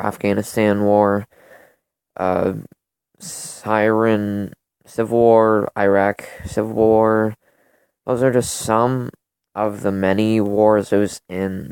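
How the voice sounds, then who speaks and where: A man's voice: fairly low pitch, darkish tone, clear, resonant tone, dry recording. Casual young man rambling through stats. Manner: rambling, self-correcting, lots of fillers. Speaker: gaming channel host. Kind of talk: casual gun comparison commentary. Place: home room during a thunderstorm.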